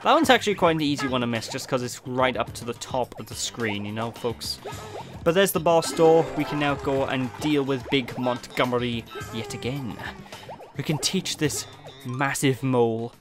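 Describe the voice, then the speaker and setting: A man from Wales casually narrating a video game run, rambling and poking fun at himself. Clear game music plays under his voice. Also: mid-range voice, moderate pace. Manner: rambling, self-mocking, jokey asides. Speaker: let's play host. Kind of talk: casual gameplay commentary.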